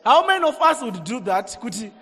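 A man with a Zimbabwean accent preaching a sermon, energetic and calling out to the congregation. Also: extremely high pitch, brisk, slightly rough. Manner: energetic, calls on the congregation, switches between languages. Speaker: pastor. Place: church hall. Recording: echoey church hall reverb.

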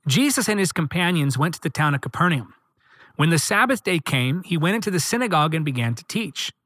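A man's voice: fairly high pitch, animated, a little fast, a bit bright, no echo. A man preaching a sermon, reading scripture aloud and driving points home with rhythmic, emphatic repetition.

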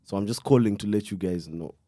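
A young man tells a true crime story in a loose, rambling way, full of slang and restarts. His voice sits low and sounds dark and mellow. It is picked up dry and close, and he stops to cough now and then. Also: a little fast, dry recording. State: coughing fits. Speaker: podcast co-host telling a true crime story. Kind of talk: casual chat.

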